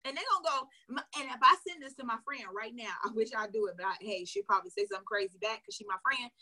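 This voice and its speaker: High, bright, husky-voiced woman coach. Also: quick pace, poor audio. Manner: energetic, talks straight to viewers; casual and chatty, says y'all. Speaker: sales coach. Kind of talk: live sales training. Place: at home. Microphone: livestream on a video call platform.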